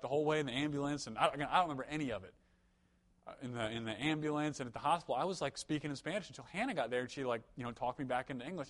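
Young male preacher, slightly higher voice, chatty storytelling sermon with humor and emphatic peaks. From United States.

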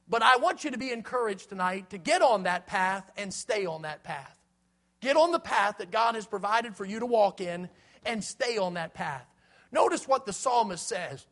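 High-voiced man preaching a sermon. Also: a bit bright. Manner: earnest, repetitive exhortation, slows right down on scripture quotes. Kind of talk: evening sermon.

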